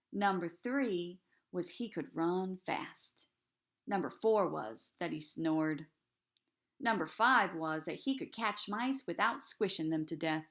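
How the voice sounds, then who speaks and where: A teacher reading a children's chapter book aloud in a calm, steady storytelling voice. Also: female voice, fairly low pitch.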